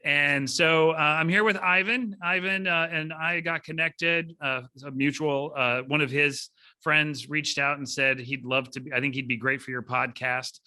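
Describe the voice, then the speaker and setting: Bright, upbeat male podcast host. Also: on the high side, unhurried. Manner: upbeat, chatty, lively delivery. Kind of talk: casual podcast interview.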